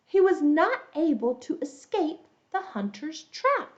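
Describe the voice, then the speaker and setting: Kids' English teacher, woman, story time, very slow and lively, slightly high voice. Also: highs cut off. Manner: animated, adds roars and squeaks for the animals; explains words and quizzes young listeners. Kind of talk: reading a children's story aloud.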